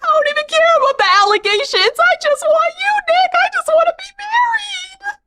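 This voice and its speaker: A woman putting on a young bride-to-be who begs in a shrill, climbing voice that breaks toward tears. Her pleas soar well above an everyday speaking pitch. She sounds frantic and clingy, as a reality-show reenactment. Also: moderate pace, pushed and bright. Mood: desperate pleading. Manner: high, tearful, begging. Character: young woman pleading desperately with her fiancé.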